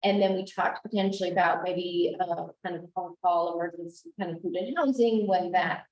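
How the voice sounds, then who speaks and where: A woman explaining grant details at a public board meeting, halting and repeating words as she goes. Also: on the low side, lo-fi sound. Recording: roomy echo, distant mic.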